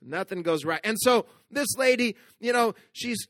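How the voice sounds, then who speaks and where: A man preaching a sermon. He tells a story with playful asides and drops to a soft, hushed voice for the tender moments. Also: high-pitched, animated, unhurried, no echo. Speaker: pastor.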